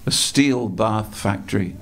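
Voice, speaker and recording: A man giving a storytelling sermon at a temple, slow and dramatic, repeating phrases for effect. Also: on the low side. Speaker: speaker at a temple festival. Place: temple hall.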